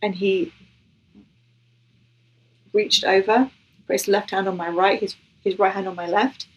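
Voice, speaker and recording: A woman's voice: mid-range voice, fairly even intonation, a little slow, rough recording. A woman giving a personal faith testimony as a guest, telling her story in an earnest, emotional way and acting out what was said.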